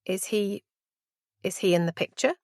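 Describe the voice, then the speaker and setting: A woman reading as a caring mother, soft and tentative. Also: medium pitch, normal speed, no echo, clean studio sound, natural voice. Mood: hesitant. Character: caring middle-aged mother, gently hesitant.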